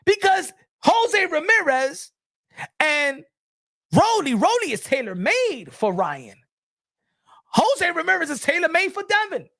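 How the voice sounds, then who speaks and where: A man's voice: very high voice, sing-song, measured pace, gravelly, pushed and bright, no echo, clean studio sound. A man giving a casual boxing opinion rant, blunt, profane and mocking. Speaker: boxing commentator.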